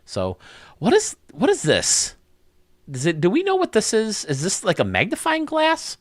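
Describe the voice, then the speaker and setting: A man hosting a video game stadium show, chatting casually and excitably, with lots of restarts. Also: high voice, moderate pace, no room sound, clean studio sound. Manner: rambling, excitable, many restarts. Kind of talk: casual chat.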